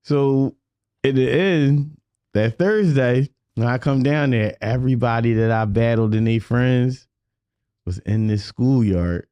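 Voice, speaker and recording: An animated man tells a rapid street story in a casual podcast chat. His voice sits in an ordinary middle pitch and is recorded dry and close, with the swearing and repeated asides of a natural storyteller. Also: smooth, no room sound. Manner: animated storyteller, swearing, repeats "you know what I mean". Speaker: guest rapper. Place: podcast studio.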